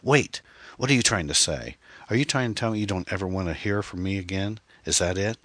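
A man's voice: low voice, brisk, fairly bright tone, dry recording, voice pushed up. A man voicing a guilt-ridden divorced man, earnest and defensive as he pleads over the phone.

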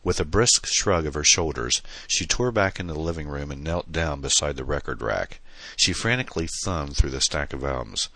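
A man's voice: rumbling low, expressive, normal speed, bright, forceful tone, no room sound. A man reading a novel aloud in dramatic, tense scripted narration. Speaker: audiobook narrator.

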